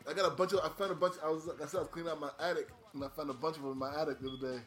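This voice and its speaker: A man's voice: on the high side, fairly even intonation, very fast, fairly bright tone, soft background music. A man in casual chat with a friend, laid-back and slangy, laughing often.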